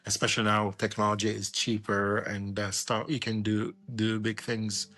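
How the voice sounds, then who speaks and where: A man hosting an interview, soft-spoken and supportive, often giving short agreements. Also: on the low side, level tone, normal speed, soft background music. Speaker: interview host. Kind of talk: casual interview conversation.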